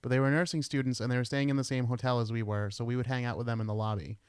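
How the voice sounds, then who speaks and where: A middle-aged American man hosts a podcast in a laid-back way, chatting, telling stories, and swearing now and then. He talks very fast in a medium-pitched, level, clean voice, and the recording is dry.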